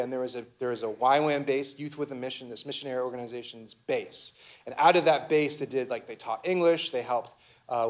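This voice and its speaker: A young man, a pastor, giving a conversational sermon full of personal stories, with many restarts and fillers. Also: fairly high pitch.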